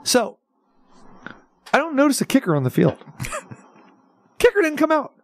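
A man's voice: extremely high pitch, big pitch swings, normal speed, no room sound. A man hosting a sports radio show, ranting with sarcastic asides. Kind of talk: casual sports talk radio rant.

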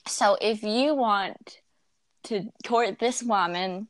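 A woman's voice: medium pitch, takes it slowly, no echo. A young woman co-hosting an advice podcast, giggling often and hesitating with lots of ums as she thinks aloud. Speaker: podcast co-host giving advice. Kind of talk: casual giggly chat.

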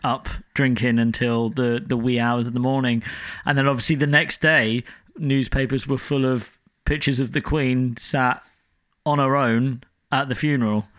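A man co-hosts a podcast, chatting casually with dry, teasing humor. His mid-range voice stays steady and fairly bright, at a normal speed.

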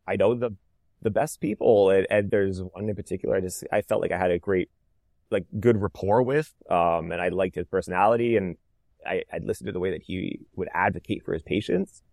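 Low-voiced man in his thirties telling his story. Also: a little fast, vocal fry, no echo, clean studio sound. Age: 30s. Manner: animated, reenacts dialogue, frequent "like" fillers. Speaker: interview guest, cancer survivor. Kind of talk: conversational storytelling.

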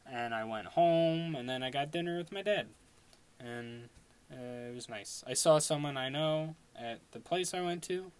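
A young man from Long Island talking in a casual solo podcast, rambling with lots of fillers and restarts. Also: medium pitch. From Long Island, New York. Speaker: podcast host.

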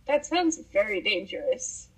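A woman's voice: medium pitch, big pitch swings, measured pace, breathy edge. A teenage girl co-hosting a casual podcast over a phone call, dry and sarcastic, often giggling. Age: teens. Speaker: podcast co-host. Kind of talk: casual chat.

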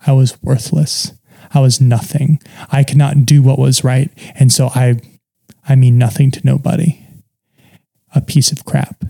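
A man sharing a painful personal story in conversation, halting and reflective, with many pauses and fillers. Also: mid-range voice, gravelly, mellow. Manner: earnest and open about painful memories.

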